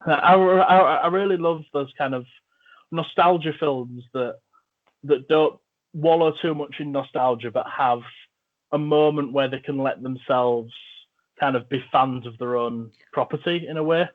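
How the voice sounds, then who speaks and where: A man's voice: a little high, measured pace. A man hosting a podcast, chatting about films in an enthusiastic, jokey way. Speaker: podcast host. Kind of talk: casual film chat. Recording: phone-like narrow audio.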